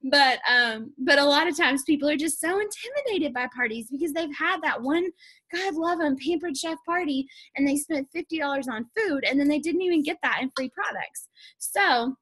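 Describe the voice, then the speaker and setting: A young woman leads a sales training over a video call, chatty and upbeat, often laughing as she acts out her customers. Her voice sits a little high. The sound is close and dry, with no room around it. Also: animated, moderate pace, a bit bright, no echo. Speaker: sales team leader.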